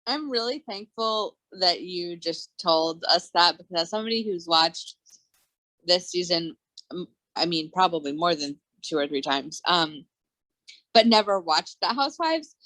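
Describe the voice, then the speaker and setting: A woman's voice: lowish voice, animated, normal speed, bright, forceful tone, dry recording. A woman co-hosting a podcast, talking earnestly in casual chat.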